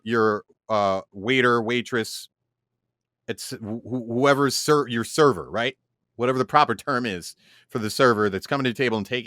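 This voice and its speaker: Lively man with a bright, dry voice. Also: mid-range voice, dry recording. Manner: animated, stumbling restarts, drops into slow dramatic delivery. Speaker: podcast co-host. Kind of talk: casual podcast banter.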